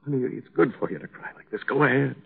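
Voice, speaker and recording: A man's voice: mid-range voice, fast talker, vocal fry, husky. An actor playing a grieving young husband in a 1950s radio drama, earnest and tender as he pleads with his wife. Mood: comforting. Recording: tinny old radio broadcast.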